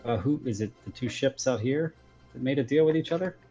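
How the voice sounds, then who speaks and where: A man's voice: medium pitch, brisk, warm tone, husky, highs cut off, faint music behind. Curious man playing a tabletop game. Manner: curious, self-deprecating. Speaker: player. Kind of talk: casual tabletop play.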